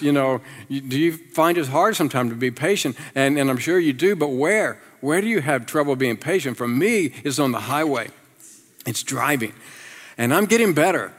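Middle-aged male pastor, fairly high voice, lively storytelling sermon, church hall with long reverb. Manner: animated, self-deprecating storytelling with laughs. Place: church sanctuary.

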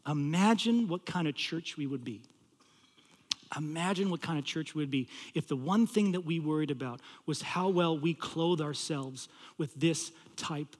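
Storytelling pastor in a reverberant hall. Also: male voice. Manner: storytelling, swinging from loud pleading to hushed low tones. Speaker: campus pastor. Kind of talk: sermon.

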